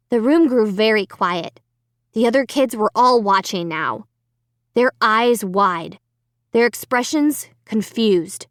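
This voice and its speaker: A woman reads a children's horror story in first person, with a fairly high voice that rises and falls a lot. The sound is dry and close to the microphone, with no room around it. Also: measured pace, no echo. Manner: expressive dramatic reading. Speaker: audiobook narrator. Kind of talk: scripted first-person narration.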